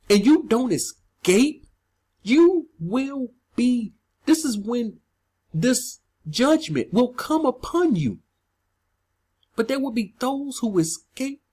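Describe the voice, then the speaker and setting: Woman preacher, higher voice, very lively pitch, emphatic and repetitive scripture teaching. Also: breathy edge. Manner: emphatic and repetitive, rising on key words.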